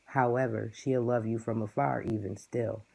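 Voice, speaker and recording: A tarot reader gives his viewers a casual card reading, musing in a relaxed way and stringing phrases together. His voice is medium in pitch, creaky and husky, at a moderate pace.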